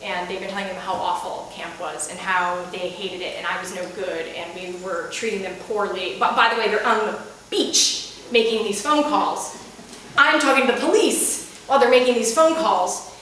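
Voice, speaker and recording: A woman telling a comic story live on stage before an audience, animated, exasperated and self-mocking. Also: mid-range voice, far from the mic, a little hiss or hum. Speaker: comedic storyteller. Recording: echoey room picked up from afar.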